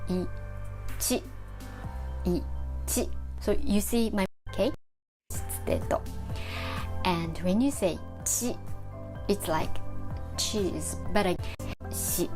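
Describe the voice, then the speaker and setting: A woman teaching Japanese pronunciation, slowly repeating syllables and explaining mouth shapes. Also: medium pitch. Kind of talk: slow instructional demonstration. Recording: with background music.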